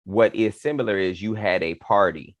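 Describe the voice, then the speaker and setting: A man with a fairly low voice talks through politics in a relaxed, animated way. He is a podcast co-host who tosses playful asides to his partner. The sound is dry and close. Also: moderate pace, dry recording. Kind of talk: casual political discussion.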